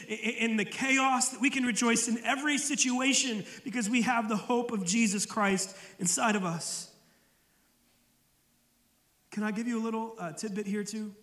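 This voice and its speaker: A man's voice: sits high, fairly bright tone, reverberant, in a large hall. A male pastor preaching a sermon in a conversational way, often repeating words as he starts a phrase.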